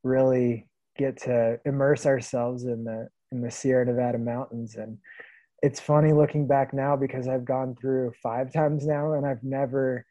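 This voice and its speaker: A man around thirty from the Pacific Northwest, telling stories in a relaxed podcast interview and laughing often. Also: mid-range voice, dry recording, poor audio. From Vancouver, Washington. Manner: easygoing storyteller, laughs often. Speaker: guest, long-distance hiker.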